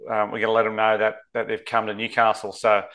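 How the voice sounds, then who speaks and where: A man's voice: fairly low pitch, completely flat delivery, quick pace, fairly bright tone. An Australian man co-hosting a sports betting podcast, talking casually and rambling, saying mate a lot. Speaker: co-host.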